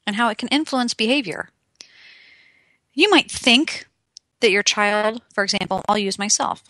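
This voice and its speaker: A young woman giving an animated, emphatic motivational talk and speaking directly to the listener. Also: medium pitch, no echo, studio quality.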